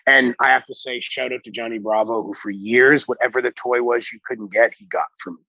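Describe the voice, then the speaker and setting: A man's voice: mid-range voice, steady tone, a little fast, vocal fry, hardly any pauses, sharp tone, no room sound, low-quality recording. A man on a podcast telling a rambling, profane anecdote as a guest, full of restarts. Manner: rambling, frequent restarts, swears freely. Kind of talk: casual storytelling.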